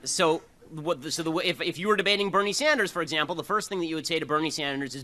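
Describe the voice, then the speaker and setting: Man delivering a combative speech, bright, tense, higher pitched. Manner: fast, combative, sarcastic delivery. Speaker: speaker giving a talk. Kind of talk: speech to a live audience.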